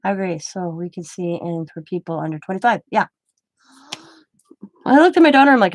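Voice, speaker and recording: A woman's voice: fairly low pitch, lively intonation, a little fast, long pauses, dry recording. A middle-aged woman hosting a crafting livestream, chatting in a rambling, self-deprecating way while she works. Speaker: craft channel host.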